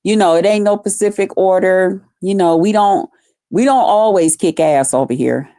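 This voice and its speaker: A woman's voice: medium pitch, dark tone, dry recording, studio quality. A woman hosting a casual live stream, talking loosely with lots of profanity and greeting viewers by name. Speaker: livestream host.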